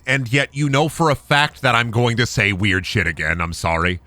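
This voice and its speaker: A man's voice: mid-range voice, lively intonation, moderate pace, hardly any pauses, sharp tone, dry recording. A young man streaming a game, rambling through goofy jokes, swearing, and chatting with his audience. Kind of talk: casual game-stream commentary.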